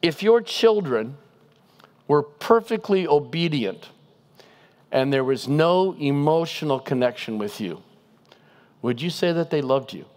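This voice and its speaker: A man giving a guest sermon in a conversational style, animated and asking the congregation rhetorical questions. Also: on the high side, unhurried, pauses often. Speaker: guest preacher.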